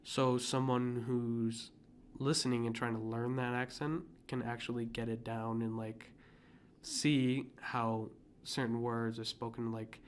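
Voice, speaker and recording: A man's voice: medium pitch, flat delivery, unhurried, a little hiss or hum. A young man hosting a podcast, chatting casually and rambling with many fillers. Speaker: podcast host. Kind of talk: casual chat.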